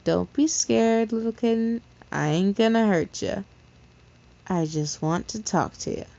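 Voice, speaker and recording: A woman voicing a threatening male school bully who talks in a low, coaxing way with growled orders. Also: measured pace, gravelly, dark tone. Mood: menacing coaxing. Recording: slightly dull lo-fi recording.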